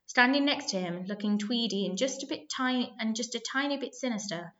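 A woman narrating a children's story aloud, lively and expressive, with small slips. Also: on the high side, brisk, highs cut off.

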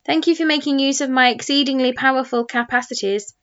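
A prim, self-important talking computer from a storybook, voiced by a woman reader, speaking crisply and a little crossly. The recording has a slightly muffled sound. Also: high-pitched, steady tone, brisk, fairly bright tone, voice pushed up. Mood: formal.

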